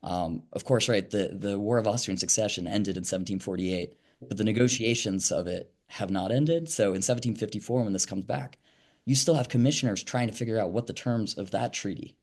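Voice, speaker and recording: A man's voice: lowish voice, a little fast, darkish tone. Man explaining history with many fillers. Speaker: author and historian. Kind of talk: conversational lecture interview.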